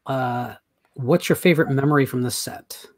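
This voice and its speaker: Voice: mid-range voice, normal speed. An interview host keeping to short remarks and reading out a listener's question. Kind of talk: casual interview chat.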